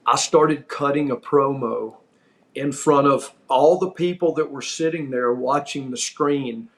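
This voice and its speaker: A man's voice: mid-range voice, fairly bright tone. A middle-aged man hosting a podcast, telling a backstage story in a casual, emphatic way and laughing now and then as he talks. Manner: emphatic, repeats himself for effect. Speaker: podcast host.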